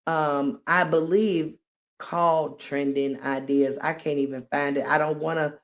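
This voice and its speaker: A woman's voice: low-pitched, steady tone, unhurried. A woman talking casually on her own live stream, rambling and chatty, who laughs at her own jokes and refers to herself in the third person.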